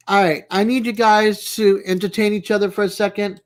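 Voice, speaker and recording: A woman's voice: mid-range voice, normal speed. A woman hosting a casual livestream from home, giggly and teasing as she chats with her viewers by name. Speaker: livestream host. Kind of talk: casual chat with live viewers.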